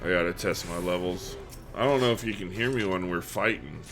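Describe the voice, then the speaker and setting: Man, game streamer, crisp bright voice, casual joking chat, loud and profane. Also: low-pitched, brisk, faint music behind. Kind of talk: casual livestream chat while gaming.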